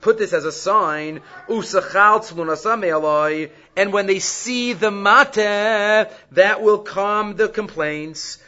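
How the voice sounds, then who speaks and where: A man giving a Torah class, reading Hebrew quotes and explaining them in English with animated emphasis. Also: high-pitched, highs cut off. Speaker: Torah teacher.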